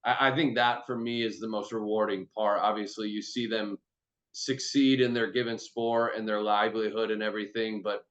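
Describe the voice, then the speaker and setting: A lower-voiced man chats on a video call, easygoing and profane, stringing thoughts together with "like" and "you know." The audio is dull and lo-fi, as if coming through a laptop mic. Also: steady tone, moderate pace, fairly bright tone. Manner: loose, chatty, swears freely, many "like"s. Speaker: host and performance trainer. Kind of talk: casual video-call chat.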